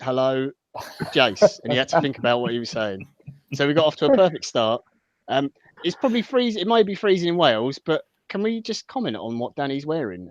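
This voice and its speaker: A man's voice: mid-range voice, no echo, lo-fi sound. A man joining a podcast, teasing the others in casual chat. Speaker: podcast guest.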